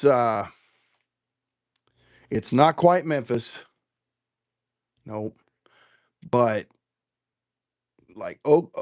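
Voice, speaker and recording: A man hosting a casual livestream, rambling and swearing as he tastes whiskey and answers viewers. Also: medium pitch. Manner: profane, rambling, animated. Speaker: bourbon livestream host. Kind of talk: casual livestream chat, tasting and reading comments.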